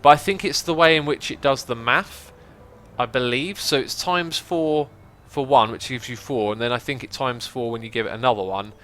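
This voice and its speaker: A man hosting a gaming livestream in a casual, chatty way, reading viewer messages aloud and thinking out loud as he explains. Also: medium pitch, normal speed, a little hiss or hum. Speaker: livestream host.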